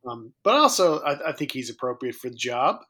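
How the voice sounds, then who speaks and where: A man's voice: medium pitch, big pitch swings, fairly quick, sharp tone. Dry-joking man podcast co-host. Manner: dry, joking asides with hesitant fillers. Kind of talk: casual chat about a dating show.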